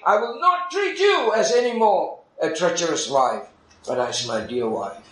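A male pastor preaching with a fairly high voice that soars and drops to a hush. His English carries non-native grammar and he acts out conversations as he goes. The recording has a roomy, echoing hall sound. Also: unhurried. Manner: animated preaching, swings from loud climbs to near-whispers, acts out dialogue. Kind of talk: sermon.

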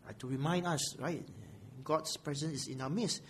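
A man's voice: fairly high pitch, moderate pace, slight background noise. A man preaching an expository sermon in a small church room, often asking "right?" and swelling on key phrases. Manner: questioning, often asks "right?".

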